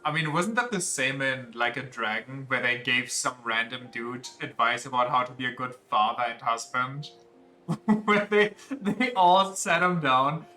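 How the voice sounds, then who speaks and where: A man with a bright, slightly high voice talks through a video game in a slow, unhurried way. He jokes around crudely and laughs a lot. Soft game music plays faintly behind him. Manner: joking, crude, laughs often. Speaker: streamer. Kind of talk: casual let's-play commentary.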